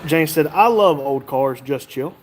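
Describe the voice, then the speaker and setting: High-voiced man reading chat. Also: lively intonation, unhurried, background noise. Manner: reads viewer comments aloud, joking. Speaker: livestream host reading chat. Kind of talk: casual livestream chat.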